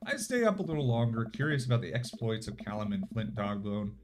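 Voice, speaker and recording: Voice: mid-range voice, sing-song, brisk, a little mellow. Streamer reading a game aloud. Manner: casual, self-correcting narration. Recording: background music.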